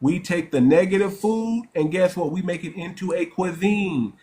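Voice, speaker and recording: A man hosting a heated live stream debate, forceful and repetitive, often cutting in with "listen" and "hold on.". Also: high voice, moderate pace. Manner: forceful, repeats words, interrupts. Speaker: host.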